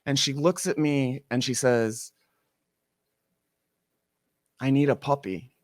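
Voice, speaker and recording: A man of middle pitch tells a personal story to a listener, his delivery animated and full of acted-out quotes. The sound is dry and close, with no room echo around the voice. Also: slow pace.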